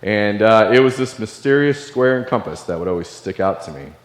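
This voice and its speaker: In a large hall, a middle-aged Navy veteran from Illinois gives a keynote speech, telling a personal story in an earnest, confessional way. His voice sits on the low side, animated and brisk. The recording is echoey with long reverb.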